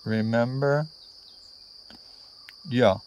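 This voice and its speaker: Slow, rambling male storyteller. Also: medium pitch, steady tone, a little mellow. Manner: meandering, full of fillers and asides. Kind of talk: casual spoken storytelling.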